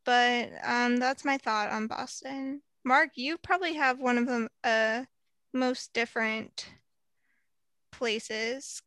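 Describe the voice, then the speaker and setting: A woman's voice: fairly high pitch, takes it slowly, a bit bright, no room sound. A young woman from Long Island chatting bluntly and with strong opinions on a casual podcast. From Long Island, New York. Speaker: podcast guest.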